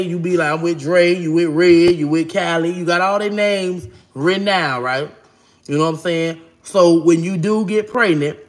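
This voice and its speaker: A woman vlogging casually to camera, talking bluntly and brashly, cursing freely, with an animated, expressive delivery. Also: fairly low pitch.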